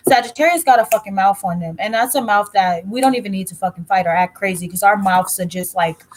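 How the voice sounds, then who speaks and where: A young adult woman who reads tarot tells a personal story in casual conversation, speaking bluntly and with plenty of energy while swearing freely. Her voice is mid-pitched, and the audio quality is poor.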